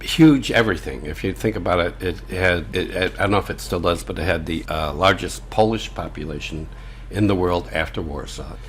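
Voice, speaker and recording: A man's voice: low voice, fairly quick, fairly bright tone, a little hiss or hum. An older man, an improv teacher, chatting casually as a guest and rambling with many fillers and restarts. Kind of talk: casual interview chat.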